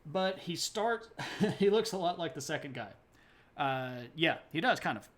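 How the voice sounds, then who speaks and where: A man's voice: on the high side, lively intonation, measured pace, a bit bright. A man giving a casual, joking history talk on a live stream, rambling with lots of fillers and stopping to greet viewers in chat. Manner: loose and rambling with many fillers.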